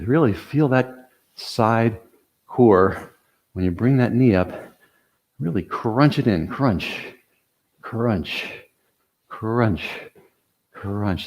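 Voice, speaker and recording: A man's voice: fairly low pitch, a little mellow. An older man leading a guided workout as an exercise coach. He talks while demonstrating the moves, counts down reps, reminds listeners to breathe and cheers them on with light jokes.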